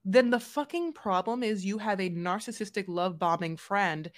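A woman's voice: medium pitch, normal speed, no room sound, clean studio sound. A woman co-hosting a podcast, ranting emphatically about a reality show in casual chat and stretching out the words she stresses. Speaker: podcast co-host. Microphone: new close podcast mic.

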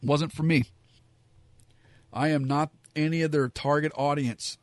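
A man's voice: a little high, steady tone, measured pace, no room sound. A man giving frank, rambling opinions in a casual monologue, full of fillers and asides. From Southern California. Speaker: wrestling commentator.

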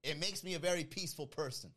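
A man's voice: fairly high pitch, fast talker, fairly bright tone, a little hiss or hum. A man hosting a casual stream, reading chat comments aloud and riffing on them with a lot of laughter. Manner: laughs often, loose joking banter. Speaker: host reading live chat.

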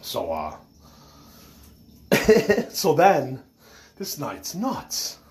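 A man's voice: fairly high pitch, wildly swooping pitch, very slow, darkish tone, slight background noise. A man telling a rambling story about collecting autographs, full of fillers and swearing, who says he is stoned.

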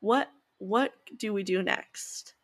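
A woman's voice: medium pitch, slow. Woman host in her 30s, casual chat, gets a bit teary and gushy. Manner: emotional, gushing, tearful at times. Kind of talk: casual conversational interview.

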